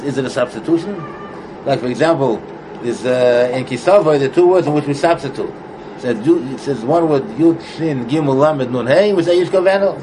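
A man of middle pitch teaches a Talmud text in a loose, halting way. He restarts phrases and circles back over points, with steady background noise and passing vehicles under his voice. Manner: halting, repeats words, mixes English with Hebrew terms. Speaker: Torah teacher. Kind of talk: informal Talmud study lesson.

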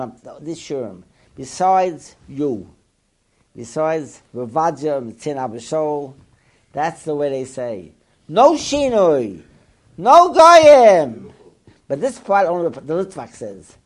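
Male Torah teacher, lively up-and-down delivery, peppers English with Hebrew terms. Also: a little high. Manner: animated, asks the listeners rhetorical questions. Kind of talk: Torah class lecture.

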